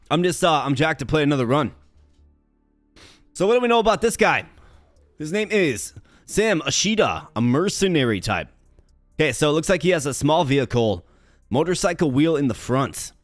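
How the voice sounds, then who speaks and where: A man's voice: medium pitch, no echo. Man from Minnesota, casual gameplay commentary, dry close mic, faint music underneath. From Minnesota, USA. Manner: chatty, upbeat, slangy. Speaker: gaming channel host.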